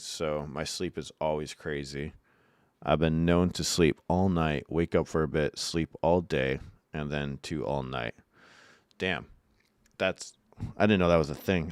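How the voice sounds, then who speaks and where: A young man with a very low, smooth, resonant voice, talking casually to his live chat from home. He reads out messages, answers in a loose and profane way, and laughs at his own stories. The sound is close and dry, with no room echo. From Syracuse, New York.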